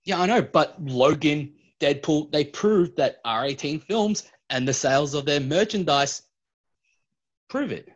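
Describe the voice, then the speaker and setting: A man's voice: a little high, lively intonation, a little slow, lo-fi sound. A young man, chatting and ranting bluntly on a casual podcast. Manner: blunt, ranting, swears freely. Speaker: podcast co-host. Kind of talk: casual chat.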